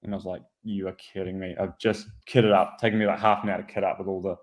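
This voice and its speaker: A man's voice: sits low, flat delivery, fast talker. A man on a casual podcast, telling a story and acting out what people said. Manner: chatty storyteller, acts out quoted people. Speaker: podcast co-host, pro cyclist. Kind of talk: casual chat, anecdotes.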